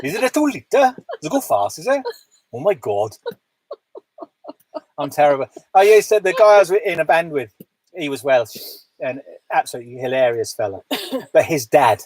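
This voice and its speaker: A man's voice: a little high, expressive, moderate pace, darkish tone, dry recording. A man co-hosting a casual livestream chat from a narrowboat, bantering and joking. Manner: bantering, jokey. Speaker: livestream co-host. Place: narrowboat cabin.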